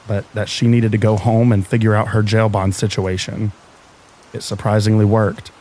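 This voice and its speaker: A man narrating true scary stories in a calm, even reading meant to help listeners fall asleep. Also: lowish voice.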